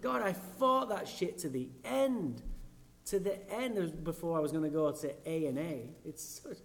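Man, English accent, fairly high voice, blunt, profane, self-mocking, recovery meeting talk. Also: expressive, moderate pace. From England.

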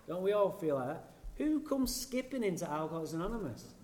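A man's voice: sits high, big pitch swings, brisk, darkish tone. A man from England with an English accent, giving a blunt, profane and self-mocking personal talk at a recovery meeting.

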